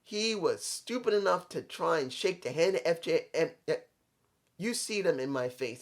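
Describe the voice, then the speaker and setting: A man from New York with a New York accent, giving an opinionated, rambling wrestling recap in a casual, blunt way. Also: on the high side. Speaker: wrestling commentator.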